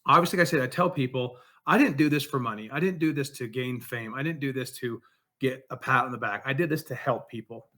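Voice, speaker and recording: An earnest man, an author and songwriter appearing as a guest, tells his story in a relaxed interview. His voice is bright and forceful at an everyday pitch, and he talks fast while staying heartfelt and sincere throughout.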